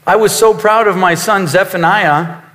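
A man's voice: high-pitched, normal speed, a bit bright, big-room sound. A man preaching a sermon as a pastor, emphatic, with repetitions and asides to his congregation.

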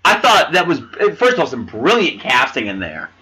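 A man in casual chat reviewing a film with friends, animated, swearing and laughing while he hunts for names. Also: medium pitch, moderate pace, slight background noise, poor audio. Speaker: podcast co-host reviewing a film.

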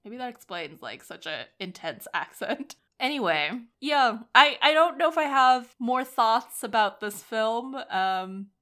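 A woman's voice: fairly high pitch, lively intonation, a little slow, few pauses, pushed and bright. A woman co-hosting a podcast, chatting casually and sarcastically about a film, laughing often. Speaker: podcast co-host. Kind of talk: casual film review chat.

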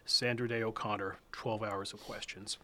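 A man hosting a political interview, and his voice sits on the lower side. He questions his guest in a brisk, animated, conversational way, speeding up as he makes his points. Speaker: host.

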